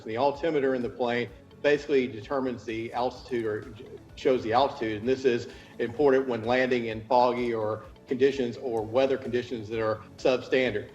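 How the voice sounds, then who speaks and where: A man's voice: mid-range voice, a little mellow, highs cut off. A man from the United States, a consultant giving a news interview, explaining at length with restarts and careful hedging. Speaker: interview guest, cell tower consultant.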